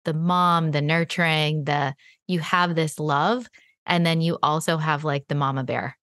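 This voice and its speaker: A woman's voice: low-pitched, steady tone, a little slow, a bit bright, no room sound, studio quality. A woman hosting an interview podcast, encouraging and affirming her guest. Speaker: podcast host and spa marketing coach.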